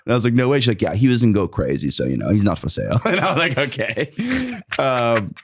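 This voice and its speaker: A man's voice: mid-range voice, very animated, quick pace. A young man, a guest comedian, telling a long story in casual podcast chat, loose and profane, with lots of filler words.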